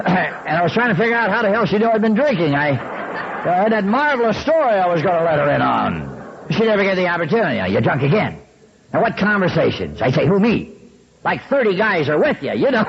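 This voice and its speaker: A man in his sixties telling his recovery story with wry, folksy humor, often clearing his throat. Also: sits high, sing-song, fairly quick, dull audio, noisy background.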